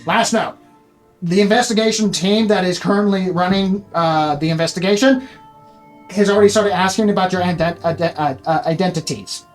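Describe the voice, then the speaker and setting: A game master voicing a fussy male archivist wizard with a nasal voice, rushing through a long magical message in bureaucratic rambling. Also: mid-range voice, faint music behind, close to an everyday voice. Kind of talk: tabletop role-play voice.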